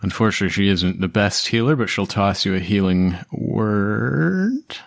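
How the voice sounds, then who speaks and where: Give me a lively game master man, close and dry. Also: on the low side, normal speed, vocal fry, dry recording. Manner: casual, laughing, rambling asides. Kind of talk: narrating a tabletop game.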